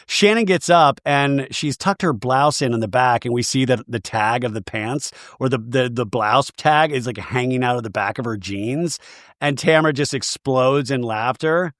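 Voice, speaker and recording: A man hosting a comedy recap of reality television, dropping sarcastic, gossipy asides as he goes. His intonation is lively and swings widely. The recording is dry and close. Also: medium pitch, normal speed, no echo. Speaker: podcast host.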